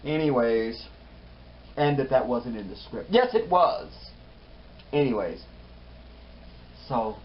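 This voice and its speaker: A man's voice: mid-range voice, slow pace, pauses often, a little hiss or hum. A man giving a casual, rambling recap of a TV episode and acting out bits of the dialogue. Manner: rambling, animated, acts out the dialogue. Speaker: TV recap host. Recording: dull lo-fi audio with faint ambience.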